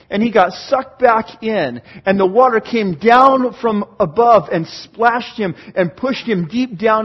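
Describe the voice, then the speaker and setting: High-voiced husky male preacher. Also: highs cut off. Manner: earnest, rises and falls from hushed to fervent. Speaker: pastor. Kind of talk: sermon.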